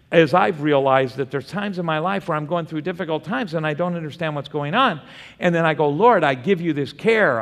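Guy preaching a bible study, asks the room stuff then answers it, bit high voice, big echoey hall. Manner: lively preaching, asking the room questions and answering them. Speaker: pastor teaching a Bible study. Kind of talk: sermon. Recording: long hall reverb.

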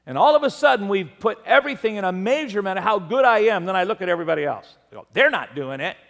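Male pastor, high and gravelly voice, chatty sermon full of jokey anecdotes, long church reverb. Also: rapid-fire, fairly bright tone. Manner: conversational preaching with humorous anecdotes.

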